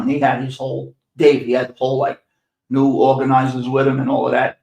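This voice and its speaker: Older New York man, podcast host, blunt and profane, mid-pitched voice, roomy echo. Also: steady tone, fairly quick, gravelly, a little mellow. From New York City. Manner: blunt, profane, sarcastic, repeats himself. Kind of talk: profane storytelling monologue. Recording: echoey room.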